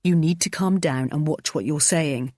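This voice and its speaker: Woman putting on a sharp young husband, snappish and stern, dry close sound. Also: low-pitched, normal speed, no room sound. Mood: stern snapping. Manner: snapping, scolding. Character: curt young husband, cold and impatient.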